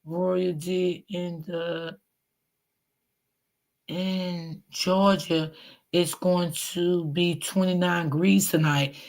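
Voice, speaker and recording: A middle-aged woman hosting a casual livestream, chatting warmly and reading out viewer comments. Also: fairly low pitch, little pitch movement, very slow. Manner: chatty, talks straight to viewers. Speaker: livestream host.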